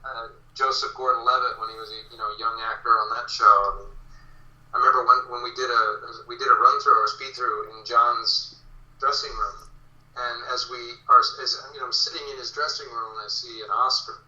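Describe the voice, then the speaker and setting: A middle-aged actor telling lively anecdotes in a casual interview, acting out the people in his stories. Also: mid-range voice, a little fast, reverberant, far from the mic, muffled recording. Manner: animated anecdotes with quoted voices. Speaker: guest actor.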